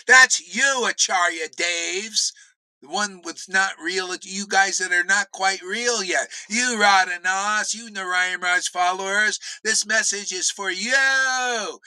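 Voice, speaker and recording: A man with a high, piercing voice delivers a slow, unhurried rant about devotion, blunt and full of profanity. He swings from loud outbursts to low muttered asides, and the sound is close and dry. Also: dry recording, poor audio. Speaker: spiritual teacher. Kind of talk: informal preaching rant.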